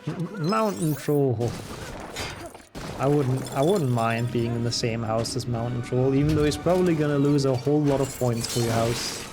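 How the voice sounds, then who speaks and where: A man streaming a video game in a relaxed, chatty way, reading out his viewers' messages and answering them as he plays. He talks at an ordinary pitch for a man, and faint game music plays softly behind him. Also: fairly quick, few pauses. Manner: reads and answers chat while playing, relaxed and chatty. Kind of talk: casual live-stream chat over gameplay.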